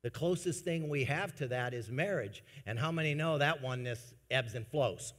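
A man preaching a sermon to his congregation, swinging between soft, low asides and loud, emphatic bursts. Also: normal speed. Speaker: pastor. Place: church sanctuary. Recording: long church reverb.

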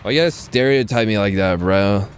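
A drawling Californian bro who can't get through a sentence without "like" and "bro", as a man puts him on. He sounds slack and mock-offended, his voice sitting a little low. A faint hiss of noise runs under him. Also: a little fast, natural voice. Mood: mock-indignant. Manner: drawling, filler-heavy "like, bro". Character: exaggerated laid-back surfer-dude bro.

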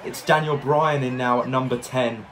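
Man, let's-play commentary, excitable, narrates every move, loud reactions, average pitch. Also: normal speed, slight background noise. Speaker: gaming YouTuber.

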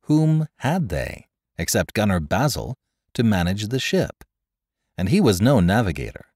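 A man narrates an adventure story with dramatic flair. His voice sits very low yet moves with lively, wide swings of pitch. The sound is dry and close, with no room echo. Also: a little slow, husky. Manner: dramatic storytelling, dropping low and quiet for dialogue. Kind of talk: scripted narration.

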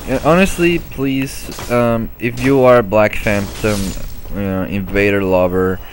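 A man's voice: lowish voice, fairly even intonation, slow, slight background noise. A man giving casual let's-play commentary on his own gameplay, laughing often and swearing freely. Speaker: gameplay video host.

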